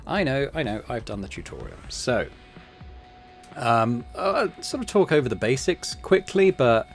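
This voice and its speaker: A man's voice: medium pitch, very animated, normal speed, soft background music. A man hosting a casual let's-play, chattily explaining game systems with many fillers. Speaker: gaming channel host.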